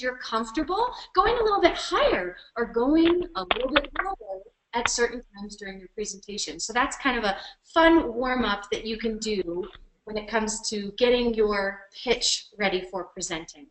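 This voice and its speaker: A woman coaching presenters in a webinar from her computer, speaking energetically and with emphasis, shifting her speed and loudness to show each point. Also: fairly high pitch, lively intonation, moderate pace, roomy sound, rough recording. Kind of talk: instructional webinar workshop. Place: at her computer on a web call.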